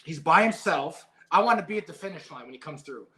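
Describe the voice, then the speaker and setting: A middle-aged man, a former boxer being interviewed, who tells stories in a casual, animated and emotional way and swears freely. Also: a little high, fast talker. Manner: emotional, animated storytelling with profanity. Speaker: guest, former heavyweight boxer.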